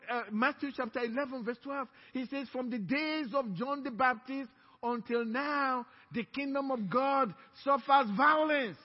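Pastor, male, very high husky voice, emphatic sermon delivery, echoey church hall. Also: dull audio. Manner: emphatic preaching with call-and-response to the congregation. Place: church sanctuary.

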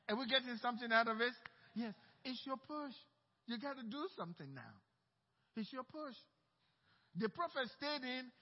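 A man's voice: very high-pitched, big-room sound, highs cut off. A male pastor preaching a sermon, emphatic and posing questions to the congregation.

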